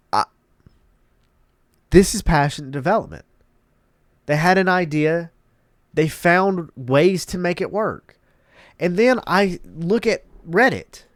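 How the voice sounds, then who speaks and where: A man's voice: sits high, expressive, takes it slowly, pauses often, no room sound, studio quality. A congested man hosting his own channel, giving emphatic, opinionated commentary and repeating key words for effect. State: congested, stuffed-up nose. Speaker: channel host.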